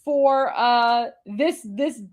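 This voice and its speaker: High-voiced woman hosting a mocking livestream. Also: very slow, darkish tone. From Iran. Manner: mocking and incredulous, many fillers. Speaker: livestream host. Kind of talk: casual commentary on video clips.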